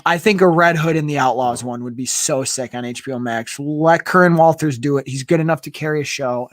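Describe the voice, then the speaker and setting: A man's voice: on the high side, dry recording, studio quality. A man co-hosting a casual livestream chat about fandoms, talking eagerly with many fillers. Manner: animated, enthusiastic, many fillers. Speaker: co-host.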